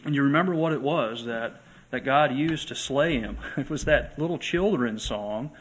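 An earnest male pastor delivering a sermon in a church, his voice sitting at an ordinary middle pitch. He slows and swells when he reads scripture aloud. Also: rough recording. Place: church sanctuary.

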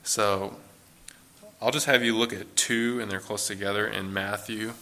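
Explaining scripture in a casual, think-aloud style, this Bible teacher uses "like" a lot. His lowish voice is bright and forceful with vocal fry, and he holds a steady, even pitch at a measured pace.

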